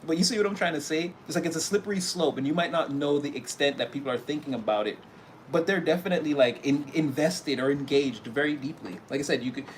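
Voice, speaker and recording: A man's voice: on the high side, fast, a little hiss or hum. A man giving a casual tarot reading, talking animatedly and acting out little scenes, often breaking into laughter. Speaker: tarot reader.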